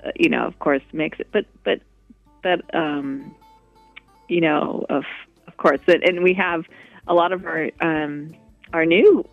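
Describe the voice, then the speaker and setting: A woman's voice: low voice, measured pace, pauses often, dry recording, faint music behind. A woman guest in a radio interview, talking in a rambling way with many restarts. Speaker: guest, walk co-founder. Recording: dull lo-fi radio audio.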